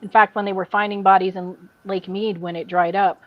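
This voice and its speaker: A woman hosting a casual podcast chat, telling animated stories and laughing along. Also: medium pitch, a little fast, dull audio. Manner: animated storyteller, mimics people she describes. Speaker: podcast host.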